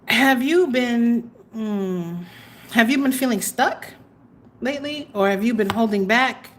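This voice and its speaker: Reading tarot cards for viewers on a livestream, this woman speaks a little slowly in a fairly high voice. Her delivery is chatty and full of exclamations, drifting into fillers, with slight noise behind her.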